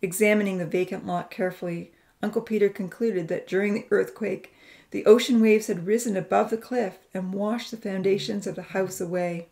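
A woman narrating a Christian novel in a measured, expressive reading voice. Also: mid-range voice, vocal fry. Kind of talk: scripted audiobook narration.

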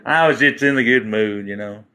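A man's voice: lowish voice, moderate pace, pushed and bright, low-quality recording. Rambling, chuckling man on a livestream. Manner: rambling, joking, chuckling often. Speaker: livestream host. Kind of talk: rambling casual livestream chat.

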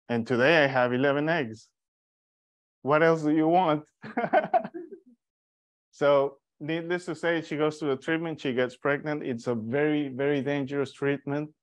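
A man leads a Bible study session in a storytelling sermon style. His voice sits a little higher than most men's, and he slips into the voices of the people in his story. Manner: animated storyteller, acts out quoted voices.

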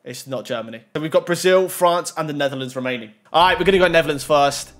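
High-voiced gaming commentator. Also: male voice, fast. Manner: running commentary, rising to excited shouts. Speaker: FIFA pack-opening YouTuber.

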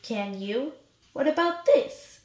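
Brief: mocking storybook creature voiced by a woman, unhurried and high. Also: lively intonation, darkish tone, faint music behind. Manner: scoffing, mocking. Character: doubting, teasing storybook animal. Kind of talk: storybook read-aloud. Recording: roomy echo.

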